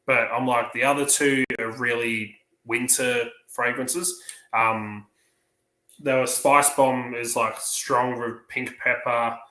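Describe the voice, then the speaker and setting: Aussie bloke on a hangout stream, bright tone in a roomy space, spins long stories with quoted voices. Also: male voice, mid-range voice, fairly even intonation, slow pace. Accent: Australian. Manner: rambling storyteller, acts out quoted dialogue. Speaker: livestream panelist. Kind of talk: casual chat.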